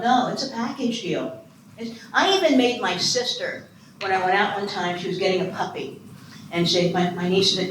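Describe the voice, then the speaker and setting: A woman's voice: medium pitch, normal speed. Chatty woman in her sixties, echoey hall. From Ohio. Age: 60s. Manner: animated, chatty, self-deprecating humor. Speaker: conference speaker on foster care and adoption. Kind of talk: lively keynote talk with audience quiz. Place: conference hall. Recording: echoey room with faint noise.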